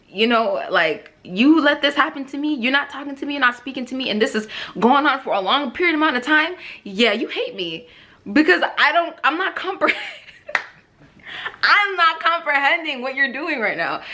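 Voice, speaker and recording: Young female vlogger, casual testimony, lively swinging pitch, chatty and heartfelt, frequent laughs. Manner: emotional, rambling, laughs often, many fillers. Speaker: vlogger sharing her faith testimony.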